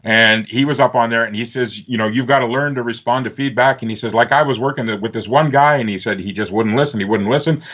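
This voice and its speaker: A man from Northern Ontario, Canada, tells stories in an animated way, jumping into lively voices for the people in them. His voice sits at an ordinary pitch, and the recording is a little dull and lo-fi. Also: quick pace, few pauses. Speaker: interview guest, author and speaker. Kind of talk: animated storytelling. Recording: slightly dull lo-fi sound.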